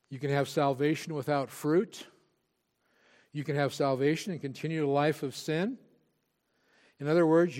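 A man's voice: fairly high pitch, a little mellow. A male pastor preaching a sermon, earnest and emphatic, with frequent restarts.

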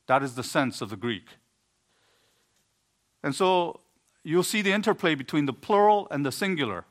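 A man's voice: a little high, animated, moderate pace, pauses often. A man preaching an earnest sermon, explaining scripture with emphatic rising bursts and occasional stumbles. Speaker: pastor.

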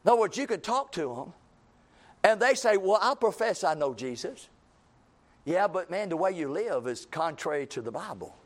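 A man's voice: high voice, sing-song, normal speed. A man preaching a sermon, folksy and repetitive, building to emphatic calls and acting out everyday scenes.

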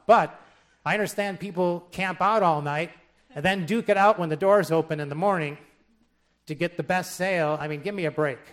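A man preaching a sermon in a conversational way, dropping wry joking asides and reading scripture aloud with emphasis. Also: fairly high pitch. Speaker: pastor.

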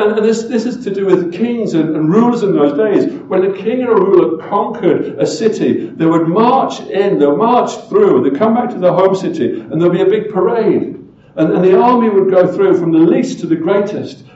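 High-voiced man preaching an emphatic sermon. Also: roomy sound, dull audio. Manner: emphatic, with rhetorical questions and big swings in loudness. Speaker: pastor.

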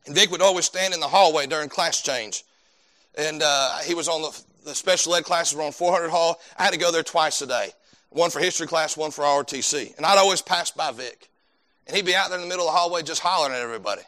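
A male preacher delivering a sermon, speaking in a fairly high register. His voice is bright and forceful. He preaches with fervent emphasis and repeats words as he builds toward his points. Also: quick pace.

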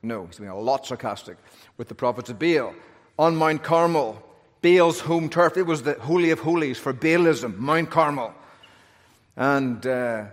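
A man preaching a sermon in an animated way, with humorous asides. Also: mid-range voice, measured pace. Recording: long hall reverb.

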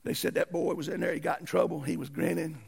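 A man's voice: a little high, fairly even intonation, quick pace, vocal fry, a little mellow, husky. A man preaching a sermon, telling stories in a folksy way and rising into emphatic outbursts. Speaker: pastor.

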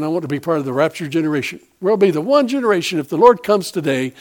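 A man's voice: a little high, a little mellow. A man preaching a sermon in a folksy, rambling way with many fillers and restarts.

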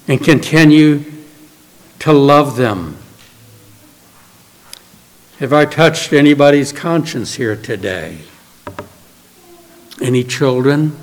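Earnest preacher in a reverberant hall. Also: male voice, high-pitched. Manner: earnest storytelling, dropping to soft and quiet for emphasis. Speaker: pastor. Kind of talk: sermon.

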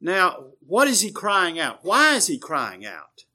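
A man preaching a sermon, explaining scripture in a measured, teaching way with frequent pauses and fillers. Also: high-pitched, huge pitch swings, sharp tone.

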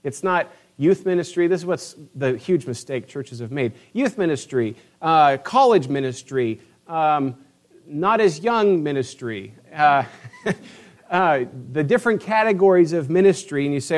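A man's voice: a little high, lively intonation, unhurried. A man pastor preaching a sermon in a church, earnest and conversational, with frequent restarts. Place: church sanctuary.

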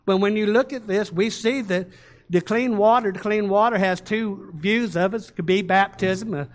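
A man preaching a sermon to his congregation, reading scripture and leading call-and-response, slowing down and getting louder on key words. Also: high-pitched. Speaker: pastor.

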